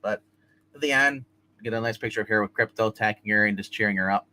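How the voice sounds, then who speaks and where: A man's voice: fairly low pitch, fast talker, bright, forceful tone, poor audio. A man hosting a live comic review, recapping an issue in a rambling, casual way with many fillers and restarts. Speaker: comic review show host.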